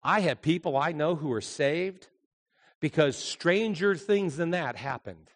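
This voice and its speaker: A man preaching a sermon as a pastor, telling a story with animated delivery and acted-out voices. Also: a little high, measured pace, in a large hall.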